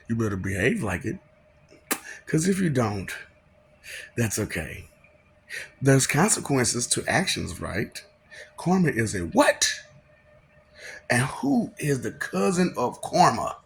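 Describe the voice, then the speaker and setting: Calling himself a god, a man delivers a rambling, preachy monologue to viewers, laughing often, firing off mocking rhetorical questions and sometimes tripping over words. His medium-pitched voice is gravelly, slow and full of big pitch swings, with frequent pauses. A little hiss or hum is audible.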